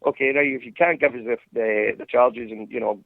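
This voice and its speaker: Gravelly Scottish man on a phone line. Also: medium pitch, steady tone, brisk, no room sound. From Scotland. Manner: rambling, profane, many restarts. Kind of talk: casual chat over a call. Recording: tinny phone-line sound.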